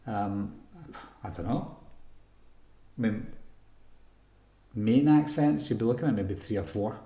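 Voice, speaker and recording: Scottish male live-stream host, casual and meandering, slightly low voice, echoey room. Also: expressive, slow pace, dark tone. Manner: rambling, thinks aloud while reading chat comments. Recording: roomy echo.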